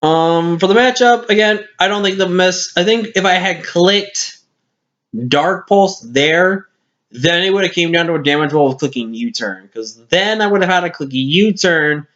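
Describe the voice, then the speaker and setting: Casual replay commentary comes from a tired, hiccuping man whose voice is fairly high and a bit bright, moving at a moderate pace. He wanders and corrects himself, recorded on a lo-fi screen-capture mic.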